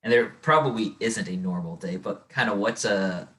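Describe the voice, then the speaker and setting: A man's voice: fairly low pitch, moderate pace, a bit bright, low-quality recording. A man hosting a podcast interview, asking loose, meandering questions with fillers. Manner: short listening replies, loose rambling questions. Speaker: podcast host. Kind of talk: casual interview.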